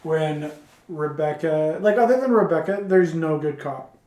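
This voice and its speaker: A man's voice: a little high, measured pace, darkish tone, recorded from a distance. Hesitant man chatting in an echoey room. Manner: hesitant, many fillers and restarts. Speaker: podcast co-host. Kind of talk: casual chat. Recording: roomy echo.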